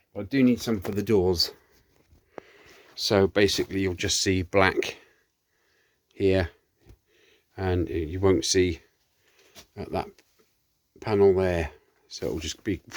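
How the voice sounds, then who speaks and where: Chatty man in his shed. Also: low voice. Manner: chatty, rambling, cheeky asides, muttering to himself. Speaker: workshop vlogger. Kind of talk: casual chat while working. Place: home workshop shed.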